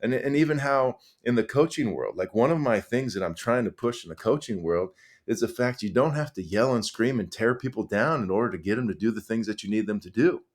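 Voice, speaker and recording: Earnest man telling stories, lowish voice. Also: fairly quick. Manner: earnest, animated, many fillers and restarts. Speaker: podcast guest, high school coach. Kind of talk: conversational storytelling.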